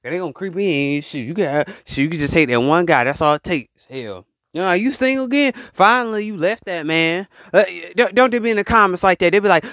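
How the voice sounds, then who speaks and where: A man hosting a solo podcast, talking in an animated, preachy way and calling out to his listeners. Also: sits high, fast, no room sound, studio quality. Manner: animated, preachy, call-and-response asides to listeners. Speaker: podcast host. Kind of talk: casual solo podcast monologue.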